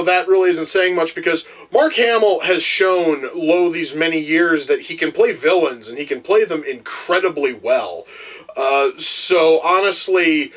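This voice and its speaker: High-voiced man ranting through a film review. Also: low-quality recording. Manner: profane, rambling, frequent restarts; animated, exasperated. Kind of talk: casual spoken film review.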